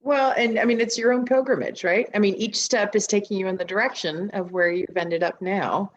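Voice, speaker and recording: A woman's voice: medium pitch, fairly quick, muffled recording, slight background noise. Woman host reflecting on a guest's story. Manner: affirming listener, reflective summaries. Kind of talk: interview conversation.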